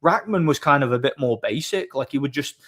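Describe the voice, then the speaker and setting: A man's voice: medium pitch, lively intonation, fairly quick, a bit bright. A man chatting casually on a live stream, opinionated and rambling, often repeating words as he thinks. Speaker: streamer host. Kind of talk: casual chat answering viewers.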